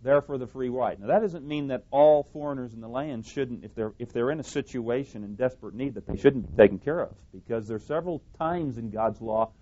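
A man delivers a sermon in an emphatic way, circling back over his own phrases and correcting himself mid-sentence. His voice sits at an ordinary middle pitch. The recording sounds a little dull and lo-fi. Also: a little fast, hardly any pauses, dark tone. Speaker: preacher.

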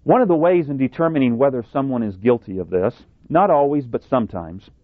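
A male preacher delivers a sermon in a deliberate, emphatic way, leaning into a word now and then with a sarcastic edge. The recording is thin and phone-like, with a dry, close sound. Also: mid-range voice, lively intonation, dry recording.

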